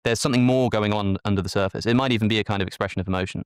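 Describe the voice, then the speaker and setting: A man's voice: fairly low pitch, very fast, smooth, no echo, studio quality. A man explaining an idea analytically in a played clip, talking articulately and acting out brief quotes. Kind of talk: explanatory talk.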